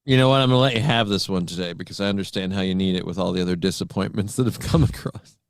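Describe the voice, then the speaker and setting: A man's voice: low-pitched, racing, clean tone, no echo, studio quality. A man co-hosting a casual livestream, throwing in wry jokes and teasing asides. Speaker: co-host.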